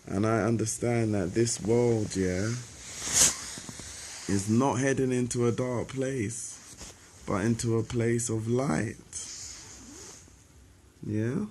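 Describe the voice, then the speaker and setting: A man's voice: mid-range voice, fairly even intonation, takes it slowly, long pauses, warm tone, slight background noise. A young man delivering a sarcastic, confrontational spoken-word monologue straight at his listeners. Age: young adult. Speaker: rapper.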